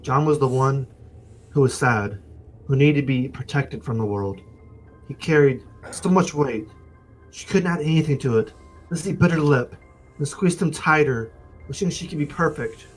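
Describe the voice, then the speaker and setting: A man's voice: mid-range voice, normal speed, faint music behind, low-quality recording. A man streaming, reading a visual novel aloud with casual joking asides to chat. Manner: casual, joking asides between narrated lines.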